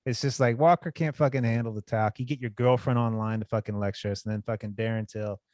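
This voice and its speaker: A man's voice: mid-range voice, steady tone, fast, a little mellow, dry recording, clean studio sound. A man co-hosting a casual podcast, ranting bluntly and cursing a lot. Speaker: podcast co-host. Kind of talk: casual chat.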